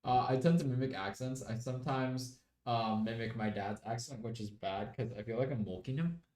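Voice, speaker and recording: Young guy on stream, rambly chatty talk, some fake british slang, mid pitch, roomy echo. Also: moderate pace, darkish tone. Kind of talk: casual live-stream chat while gaming.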